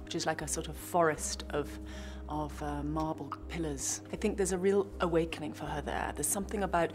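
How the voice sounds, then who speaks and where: A woman's voice: low voice, steady tone, a little fast, over music. A woman actress answering interview questions in a reflective way, often restarting her sentences and adding playful asides.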